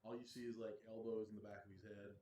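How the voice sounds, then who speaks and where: A man's voice: on the low side, flat delivery, fast, mellow. A man narrating as game master of a tabletop game, descriptive and full of fillers, in an echoey room. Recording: echoey room with faint noise.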